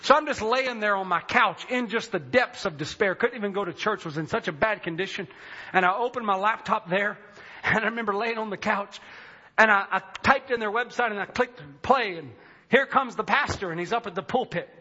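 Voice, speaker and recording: A man preaching a fervent testimony, telling his story and rising to shouted praise. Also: high voice, fairly quick, slightly rough, dull audio. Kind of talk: sermon testimony.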